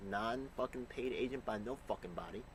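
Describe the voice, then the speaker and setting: A man's voice: mid-range voice, fairly quick, rough recording. Ranting, foul-mouthed man with faint background noise. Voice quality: loud, profane, ranting with sudden bursts. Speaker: commentator reacting to news clips. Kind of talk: profane reaction commentary.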